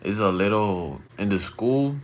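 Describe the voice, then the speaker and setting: A man with a fairly low voice spins a late-night story for his stream, slangy and rambling, checking in with his listeners again and again. He acts out the loud shouting of the people in his tale, jumping high above his usual pitch. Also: lively intonation, a little slow, slight background noise. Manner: slangy and rambling, keeps asking "you feel me".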